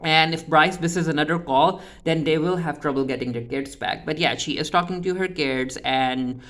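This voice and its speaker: A man's voice: a little high, moderate pace, fairly bright tone. A man giving a casual, chatty recap of a TV episode, often restarting with "uh" fillers. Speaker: TV recap reviewer.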